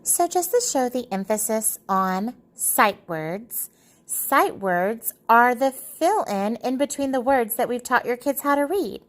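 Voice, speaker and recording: A woman teacher guides parents through how children learn to read. She explains patiently and slows down to sound out letters and short words as examples. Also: on the high side, expressive. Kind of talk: phonics lesson for parents.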